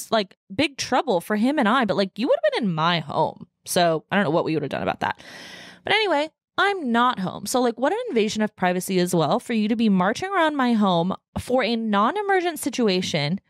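A woman's voice: mid-range voice, no echo, clean studio sound. A woman podcast host in a casual solo rant, venting in a profane, fired-up way from her home podcast room.

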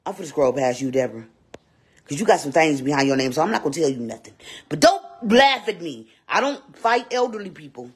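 A sassy, vain woman babysitter voiced by a performer in a live-streamed comedy skit. The voice is husky and leaps wildly between low mutters and high squeals. She teases loudly and repeats her lines over and over. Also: big pitch swings, brisk. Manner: loud, teasing, repeats lines, swoops up into squeals.

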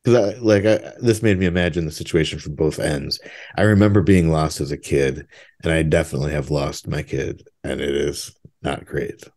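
A man with an extremely deep voice chats on a podcast, rambling through stories and tossing in jokes. He sounds relaxed and laughs often. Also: moderate pace. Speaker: podcast co-host. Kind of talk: casual chat.

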